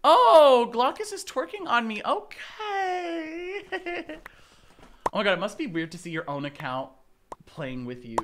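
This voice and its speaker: A young man streaming a game with casual chatter, excitable with dramatic reactions and playful teasing. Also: high-pitched, heavy background noise.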